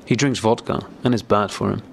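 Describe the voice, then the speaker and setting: A man reading as a timid, worried young woman, speaking slowly and quietly. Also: fairly low pitch, fairly even intonation, vocal fry, slight background noise. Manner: timid, slow and hushed.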